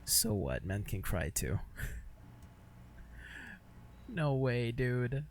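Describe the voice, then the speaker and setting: A man's voice: medium pitch, big pitch swings, very slow, a little hiss or hum. A young man streaming a game, talking in casual, profane, exasperated commentary. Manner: profane, exasperated, self-mocking.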